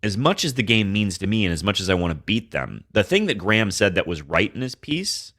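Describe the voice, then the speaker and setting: A man's voice: lowish voice, sing-song, brisk, a bit bright. A man co-hosting a sports podcast, rambling casually with frequent restarts and swearing. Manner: laid-back, profane, rambling with restarts. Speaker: podcast co-host.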